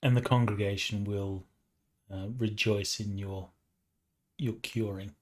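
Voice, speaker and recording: A man's voice: fairly low pitch, fairly even intonation. A man narrating a tabletop game as game master, hesitant and full of fillers. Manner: slow, hesitant, many fillers.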